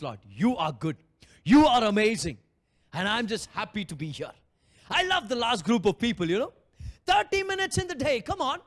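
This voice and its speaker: A man preaching a Sunday sermon in an unusually high voice. He tells a parable with animated storytelling, acting out the lines of the people in it. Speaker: pastor.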